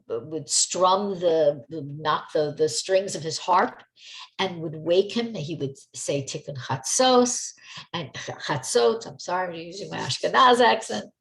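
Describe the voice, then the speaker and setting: A woman leads an online class over a video call. Her voice sits low and carries a gravelly edge. She talks in a discursive, enthusiastic way. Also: rough recording. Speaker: Torah teacher.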